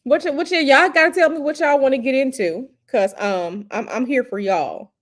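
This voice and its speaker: Woman livestream host at home, slightly high voice, casual and teasing, hints at gossip. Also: moderate pace. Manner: chatty and teasing, hints at gossip, repeats herself. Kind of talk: casual live chat reading viewer comments.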